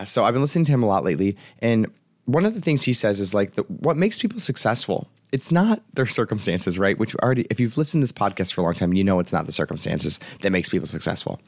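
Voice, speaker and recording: Fast-talking life coach with a low voice. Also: male voice, dry recording. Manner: chatty, laughs often, swears casually. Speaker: life coach podcast host. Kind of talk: casual solo podcast talk. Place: home apartment.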